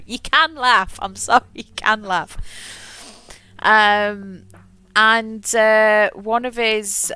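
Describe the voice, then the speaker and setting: A young woman streaming a game, telling a long school memory in a rambling, animated way with frequent laughs and self-corrections. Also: mid-range voice, smooth. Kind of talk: casual storytelling while gaming.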